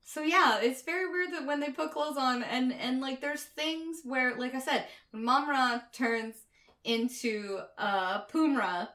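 A woman's voice: high voice, measured pace, a bit bright, echoey room, distant mic. A woman in casual chat who laughs often, swears, and mimics cartoon voices.

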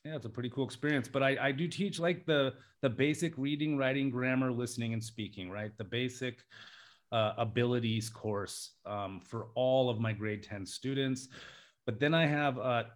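A man's voice: mid-range voice, normal speed. A man from Alaska talking as a podcast guest, hesitant and full of fillers and restarts. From Alaska, United States. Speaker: podcast guest, English teacher. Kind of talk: casual podcast interview. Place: Thailand.

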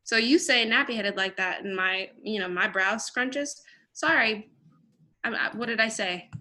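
A woman's voice: medium pitch, unhurried, pushed and bright. A woman co-hosting a casual podcast, talking bluntly and straight, acting out quoted exchanges with animation. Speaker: podcast co-host.

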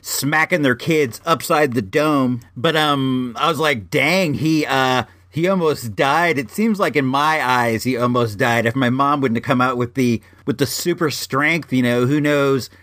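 A man in his forties, from Illinois, telling a casual personal anecdote with frequent restarts and lively asides. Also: medium pitch, measured pace, hardly any pauses, no echo, studio quality. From Illinois, USA. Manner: rambling, frequent restarts, animated. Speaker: storyteller.

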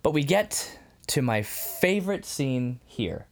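A man's voice: mid-range voice, slow pace. A man co-hosting a podcast in casual chat, retelling scenes with lots of laughter and stop-start phrasing. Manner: animated retelling, laughs often; many fillers and restarts. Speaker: podcast co-host.

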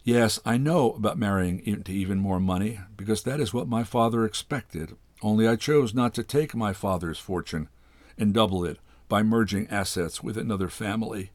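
A man voicing a proud, reserved seamstress woman with cool, measured replies in a storybook reading. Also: fairly low pitch, darkish tone, no room sound, natural voice.

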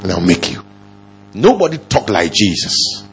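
A male pastor preaching a sermon, firing off rhetorical questions and swinging from low murmurs to loud exclamations. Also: sing-song, moderate pace, creaky, slight background noise.

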